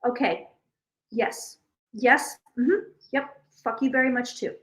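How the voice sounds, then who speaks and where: A woman's voice: on the high side, takes it slowly, reverberant, low-quality recording. Woman playing a blunt, dismissive insurance phone rep. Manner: flat, dismissive, repeating "yeah, no".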